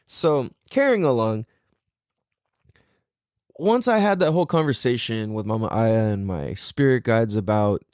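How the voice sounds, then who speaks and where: Male solo podcaster, casual and profane, animated delivery, dry close-miked recording. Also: mid-range voice, measured pace, pauses often, smooth, dry recording. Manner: rambling, profane, self-deprecating. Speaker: podcast host.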